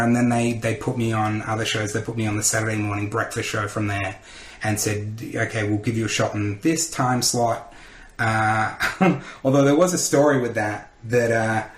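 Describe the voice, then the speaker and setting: Guesting on a podcast, an Australian comedian and radio host spins animated stories in a casual interview, performing the voices of those he quotes. He has a mid-range voice and the sound is roomy.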